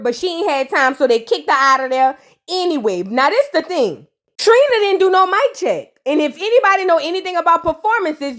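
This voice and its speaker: Sassy high-voiced woman recapping TV. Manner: sassy, chatty, acts out quoted people. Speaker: reality TV recap host. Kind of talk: casual comedic recap commentary.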